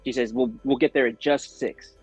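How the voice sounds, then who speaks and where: A man's voice: medium pitch, normal speed, vocal fry, husky, dry recording, soft background music. A man, an actor guest, telling a story in a casual interview, acting out other people's lines with lots of fillers. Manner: animated, acts out quoted voices, frequent fillers.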